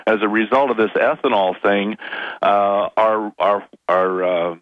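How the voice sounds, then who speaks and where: A man calling into a radio show as a guest, explaining plainly with some halting restarts. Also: fairly low pitch, fairly even intonation, dry recording, phone-quality sound. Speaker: guest, food company owner. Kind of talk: radio interview.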